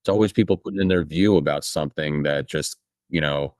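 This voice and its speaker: A man's voice: very deep voice, brisk, a little mellow, no room sound, studio quality. A man in his thirties co-hosting a podcast, telling a rambling story in casual chat with lots of fillers. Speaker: podcast co-host.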